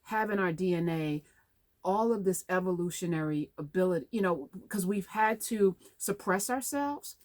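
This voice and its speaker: A woman's voice: lowish voice, lively intonation, normal speed, a little mellow. Chatty woman hosting a radio talk show.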